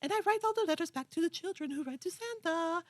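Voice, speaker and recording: A woman voicing an earnest young man who loves Christmas, in a deliberately bad British accent. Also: extremely high pitch, lively intonation, no echo, pitched above the performer's own voice. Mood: gushing. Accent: mock British. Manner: sweet, gushing.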